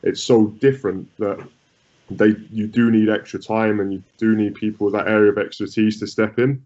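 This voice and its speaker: On muffled lo-fi audio, a man with a lowish, slightly mellow voice speaks at a normal speed with a flat delivery. As a goalkeeping coach being interviewed, he thinks out loud in conversational answers, often repeating himself and starting over.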